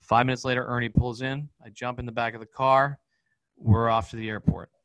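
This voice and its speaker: A man, a podcast guest, telling a personal story in a rapid, profane, vivid way. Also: medium pitch, level tone, a bit bright, no room sound, low-quality recording. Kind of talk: candid storytelling in an interview.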